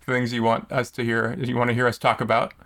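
A man's voice: mid-range voice, completely flat delivery, fairly quick, a bit bright. A man pastor co-hosting a podcast from his church office, joking and rambling with many restarts and fillers. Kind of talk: casual chat. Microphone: podcast mic on a small soundboard.

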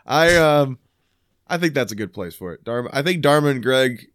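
A man's voice: mid-range voice, normal speed. A man co-hosting a podcast in casual chat, swearing freely and retelling stories with acted-out voices. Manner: profane, animated storytelling with acted-out voices. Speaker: podcast co-host.

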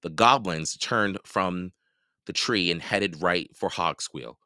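A man hosting a podcast, reading a children's novel aloud in a lively, expressive way. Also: low-pitched, takes it slowly, no room sound, studio quality. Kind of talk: storybook read-aloud narration.

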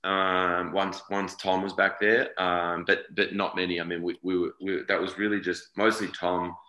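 Australian man, 40s, very deep and bright-toned; rambling interview guest in an echoey room. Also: level tone, moderate pace. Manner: rambling, self-correcting, repeats words. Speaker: actor guest. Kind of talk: casual interview chat.

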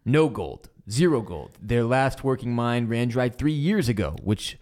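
A man co-hosting a podcast, casually recapping a TV episode with lively retelling and bits of swearing. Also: medium pitch, measured pace. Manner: animated retelling, acts out character quotes, swears casually. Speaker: podcast co-host.

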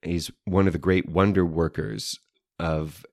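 A man's voice: low-pitched, steady tone, a little slow, gravelly, dry recording, studio quality. A man co-hosting a casual chat show, explaining history in an easy, playful way. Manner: explanatory, playful with mock French phrases. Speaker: podcast co-host.

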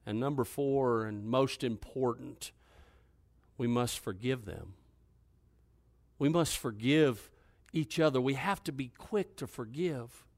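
A pastor preaching a sermon in a man's mid-range voice, recorded dry and close. He reads scripture at a steady pace, and his pitch climbs when he presses a point on his listeners. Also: slow, long pauses, dry recording. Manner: emphatic, rises in pitch when exhorting.

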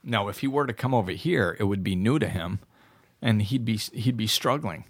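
A man's voice: on the low side, expressive, moderate pace. A man hosting a casual, reflective chat, telling stories with lots of restarts and false starts. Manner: rambling storyteller with frequent restarts.

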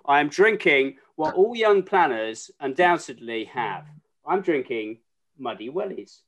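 Man, host, jokey, chatty, video call, slightly high voice. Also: big pitch swings, a little slow, fairly bright tone. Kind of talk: casual video-call chat.

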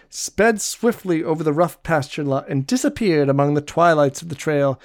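A man reads a novel aloud in an even, measured storytelling voice. The sound is close and dry, with no room in it. His pitch sits a little above the usual for a man. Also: dry recording. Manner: steady, measured storytelling read. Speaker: audiobook narrator. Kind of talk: scripted narration of a novel.

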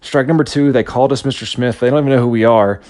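A man's voice: mid-range voice, steady tone, fast talker, a little mellow, dry recording, studio quality. Earnest man telling a personal story. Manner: earnest, anecdotal, with frequent restarts.

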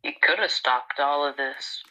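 A woman co-hosting a podcast who chimes in with short reactions. Her voice sits very low but has a sharp, bright edge. She sounds set back from the microphone. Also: unhurried, low-quality recording. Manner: brief reactive comments. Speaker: podcast co-host. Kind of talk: casual chat.

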